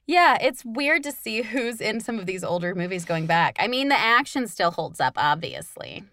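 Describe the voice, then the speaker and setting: A woman co-hosting a podcast in casual chat, chatty and quick to joke and react. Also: mid-range voice, very animated, sharp tone, slight background noise. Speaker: podcast co-host.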